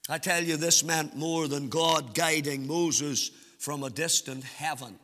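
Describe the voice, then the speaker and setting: A man preaching a sermon in a measured, emphatic way, with sing-song rises and drawn-out phrases. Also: a little high, fairly even intonation, sharp tone, long reverb tail.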